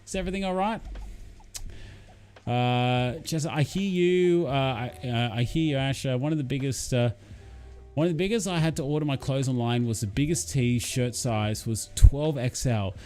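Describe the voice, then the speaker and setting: A friendly man hosts a casual livestream, greeting viewers by name and chatting about their progress. His talk rambles along in a mid-pitched voice, full of restarts and fillers, over faint music. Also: moderate pace, warm tone. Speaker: channel host reading live chat.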